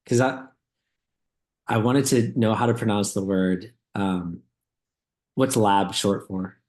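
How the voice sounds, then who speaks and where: A man's voice: fairly low pitch, steady tone, takes it slowly, a little mellow. A laid-back man in a casual reaction chat who tells rambling stories and laughs often. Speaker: co-host.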